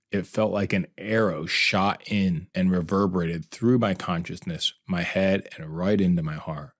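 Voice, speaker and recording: A man's voice: lowish voice, breathy edge, no echo, clean studio sound. A man hosting a podcast, narrating a personal story in an earnest, reflective and heartfelt way. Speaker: podcast host.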